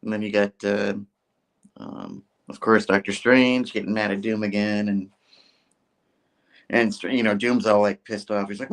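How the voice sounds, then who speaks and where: A man's voice: lowish voice, level tone, measured pace, pauses often. A man hosting a comic book review show. He recaps an issue in a rambling, casual way, full of filler words. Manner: rambling, with filler words and mock character voices.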